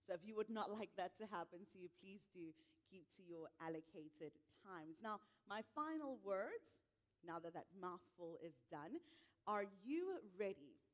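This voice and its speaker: A woman hosting a live tech conference on stage, upbeat and speaking directly to the audience. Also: on the low side.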